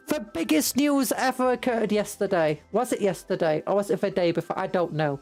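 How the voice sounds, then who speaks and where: A woman's voice: a little high, fairly quick, hardly any pauses, faint music behind. A British woman streamer chatting casually, rambling and giggling in a playful way. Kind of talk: casual livestream chat.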